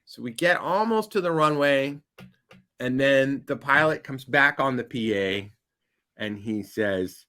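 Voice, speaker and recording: A man telling a long anecdote as a podcast guest, animated and building to loud punchlines. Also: mid-range voice, a little slow. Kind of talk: casual storytelling.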